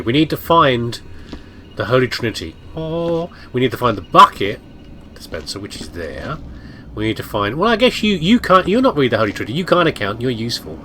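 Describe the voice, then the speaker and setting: A man's voice: medium pitch, sharp tone, a little hiss or hum. Chatty man narrating his gameplay. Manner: chatty, self-mocking, talks to viewers and objects. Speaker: let's play gamer. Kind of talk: casual gameplay commentary.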